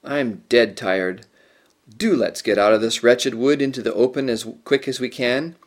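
A man voicing a tired, sensible older girl in a storybook reading, gentle and weary. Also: medium pitch, fairly quick, natural voice.

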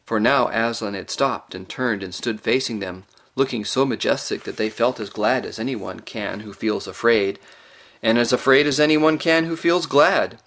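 A man narrates a children's storybook in a measured, expressive way, his voice sitting at an ordinary middle pitch. The reading is steady and clear. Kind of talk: audiobook narration.

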